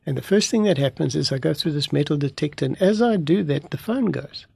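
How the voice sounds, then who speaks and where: Gravelly pastor, husky voice. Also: male voice, on the high side, a little fast, dry recording. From Africa. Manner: animated storyteller, acts out dialogue. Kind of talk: storytelling testimony in an interview.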